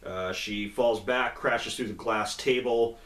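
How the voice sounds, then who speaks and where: Guy in an echoey room rambling through a comic's plot, lowish voice, lots of likes and you knows. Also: slow. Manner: relaxed, rambling, fillers and acted-out quotes in a raised voice. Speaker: comic book reviewer, co-host. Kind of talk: casual retelling of a comic's plot.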